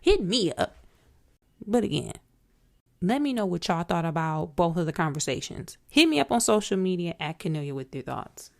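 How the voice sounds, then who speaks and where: A woman's voice: on the low side, very animated, a little fast, creaky. A woman hosting a solo commentary podcast, outspoken and emphatic, talking straight to her listeners. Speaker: podcast host.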